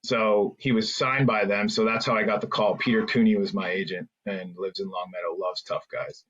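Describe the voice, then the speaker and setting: A man's voice: fairly low pitch, fairly even intonation, moderate pace, fairly bright tone, slightly rough, lo-fi sound. A man, a former hockey player, rambling through anecdotes as a podcast guest, with many fillers and restarts. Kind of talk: casual storytelling interview.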